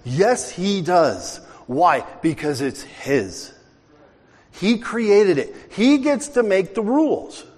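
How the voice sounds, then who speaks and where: Older male pastor, lively sermon delivery with acted-out dialogue, slightly high voice, reverberant hall. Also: slow pace. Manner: animated, conversational preaching with acted-out dialogue.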